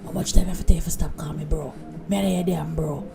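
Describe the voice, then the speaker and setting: A woman with a Jamaican accent voicing a jealous, sharp-tongued older woman who scolds in bossy patois. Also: deep voice, steady tone, fast, creaky, background noise. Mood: jealous scolding.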